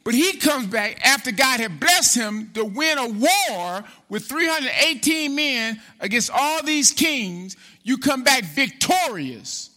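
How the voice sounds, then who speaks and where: A man preaching a sermon as pastor, animated, calling out to the congregation and acting out biblical figures. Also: very high-pitched, slow pace, hardly any pauses. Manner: animated preaching with call-and-response; acts out biblical figures in quoted speech.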